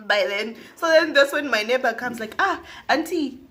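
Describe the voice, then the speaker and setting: A woman from Zambia, telling a personal story to her viewers, often laughing and dropping into hushed asides. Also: a little high, measured pace. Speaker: vlogger. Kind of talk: storytime monologue.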